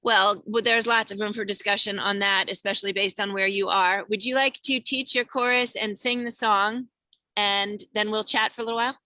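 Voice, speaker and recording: A woman's voice: medium pitch, fairly even intonation, moderate pace, pushed and bright, no echo. A woman hosting an online singing show, chatting in an upbeat way and greeting viewers by name over a video call from her car. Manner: chatty and upbeat, reading out many viewer names. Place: in a parked car on a road trip.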